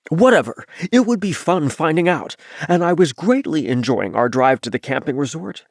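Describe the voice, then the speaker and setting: A man narrates a first-person story for an audiobook, his pitch moving freely up and down as he reads. The sound is dry and close, with no room around it. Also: no echo. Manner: lively, expressive reading.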